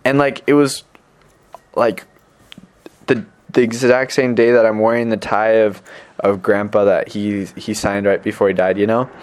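A man's voice: on the low side, level tone, normal speed, long pauses, clear, resonant tone. A young adult man telling a story casually to the camera as a missionary, rambling and filling gaps with "like.". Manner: rambling, filler-heavy, lots of "like".

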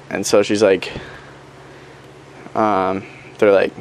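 A man's voice: lowish voice, steady tone, unhurried, vocal fry, pauses often, darkish tone, slight background noise. A man in his twenties, a missionary, giving a casual, upbeat video update, talking chattily with lots of fillers.

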